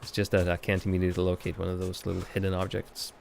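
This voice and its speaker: A man streaming a game, chatty and excitable, laughing and reacting to the action. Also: deep voice, quick pace, gravelly, slight background noise. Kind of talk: casual gameplay commentary. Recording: game music behind the voice.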